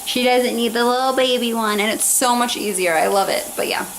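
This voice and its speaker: A woman's voice: fairly high pitch, fairly quick, vocal fry, a bit bright, a little hiss or hum. A young woman chatting casually through a baby update, talking to her viewers at home with lots of fillers. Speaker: mom vlogger.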